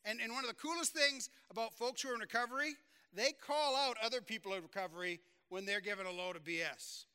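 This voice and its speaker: A man's voice: very high-pitched, lively intonation, quick pace, bright, forceful tone, smooth. A male pastor giving an earnest, conversational sermon, repeating phrases for emphasis.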